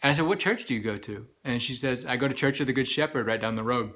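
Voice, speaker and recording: A man giving an earnest, halting personal health update while recovering from serious illness, with many pauses and restarts. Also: mid-range voice, fairly bright tone. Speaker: vlogger sharing a health update. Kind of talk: personal storytelling.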